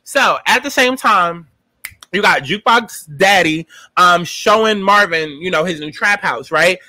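A man's voice: high-pitched, lively intonation, unhurried, bright, forceful tone, no echo. A man, giving a sassy, profane, dramatic casual commentary as a TV show reviewer. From New York.

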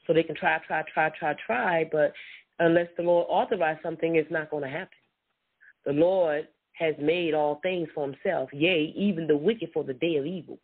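Husky preacher on a tinny phone line. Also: mid-range voice. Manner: repeats words and restarts, affirms with mm-hmm. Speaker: Bible teacher. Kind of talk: informal sermon with scripture reading.

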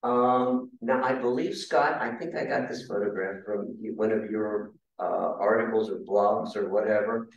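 Male lecturer, conversational history talk; boomy hall, distant mic. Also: unhurried, hardly any pauses, dull audio. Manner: conversational, asks the audience questions. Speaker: guest speaker. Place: meeting hall. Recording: very echoey room, mic far off.

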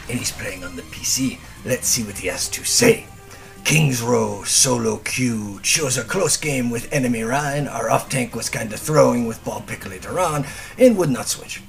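A man's voice: medium pitch, lively intonation, moderate pace, creaky, music in the background. A man hosting comedic video game review commentary, brash and profane with a mock-angry edge. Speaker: gameplay reviewer and host.

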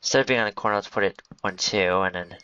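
Guy rambling thru a building game, lowish voice but kinda sharp, dull lo-fi mic. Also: fast talker, smooth, dry recording. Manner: rambling, jokey, talks to himself and to game creatures. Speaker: gaming video host. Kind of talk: casual gameplay commentary. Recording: dull lo-fi home recording.

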